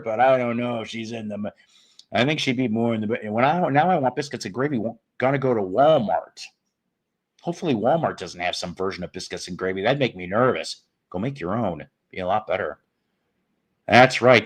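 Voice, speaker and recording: A man hosting a casual live stream, rambling and joking with viewers with crude humor. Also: fairly low pitch. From northern United States.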